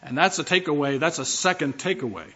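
A man's voice: fairly high pitch, fast talker, a bit bright, slightly rough, lo-fi sound. A man preaching a sermon as pastor, emphatic, driving home key phrases by repeating them.

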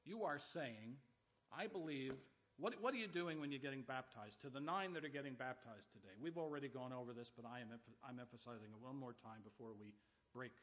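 A man pastor preaching a sermon, with loud emphatic bursts and dry humorous asides. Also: medium pitch, fairly quick, muffled recording.

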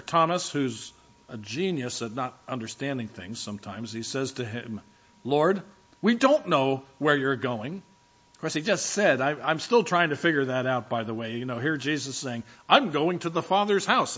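A man's voice: medium pitch, a little fast, a bit bright, highs cut off. A man preaching a sermon in a conversational, storytelling way, with frequent fillers. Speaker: pastor.

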